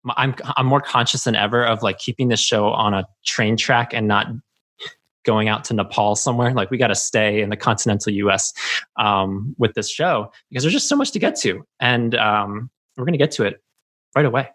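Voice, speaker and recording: A man's voice: lowish voice, a little fast, fairly bright tone. A man hosting a podcast in casual chat, talkative and rambling, laughing often. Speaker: podcast host.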